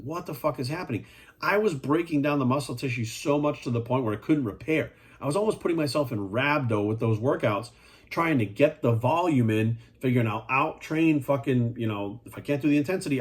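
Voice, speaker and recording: Husky-voiced blunt male fitness coach. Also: mid-range voice. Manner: blunt, profane and emphatic; rhetorical questions to the viewer. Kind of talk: casual monologue.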